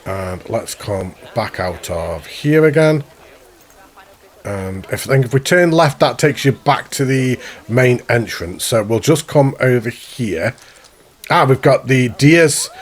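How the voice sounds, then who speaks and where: A man's voice: medium pitch, lively intonation, measured pace. A man giving chatty, rambling commentary while touring a zoo in a video game, often laughing at himself. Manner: chatty, rambling, self-mocking. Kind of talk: casual gameplay commentary. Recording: faint background music.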